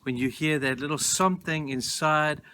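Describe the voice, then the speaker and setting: A man giving a short daily devotional talk as pastor, gentle, earnest and reflective, slowing down and softening on key phrases. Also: fairly high pitch, a little hiss or hum.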